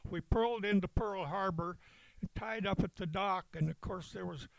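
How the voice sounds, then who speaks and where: An older man, a veteran, recalling events in a halting storytelling way with chuckles. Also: sits high, gravelly, no room sound, low-quality recording. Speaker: veteran interviewee. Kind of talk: oral history recollection.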